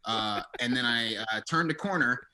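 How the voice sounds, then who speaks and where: A man playing a drug dealer turned drummer who spins deadpan tall tales in an improvised comedy podcast. His voice is very bright and forward, sitting at an ordinary pitch for a man. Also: normal speed. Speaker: guest playing a character.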